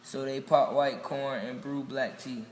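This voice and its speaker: A man reading a children's picture book aloud, slow and gentle. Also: mid-range voice, steady tone, slight background noise. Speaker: storybook reader. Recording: echoey room with long reverb.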